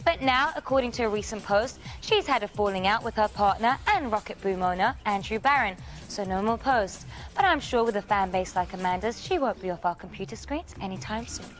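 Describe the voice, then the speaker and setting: A woman's voice: medium pitch, lively intonation, a little fast, faint music behind. A woman with a British accent hosting a scripted entertainment news segment in a cheeky, playful way. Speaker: TV news host.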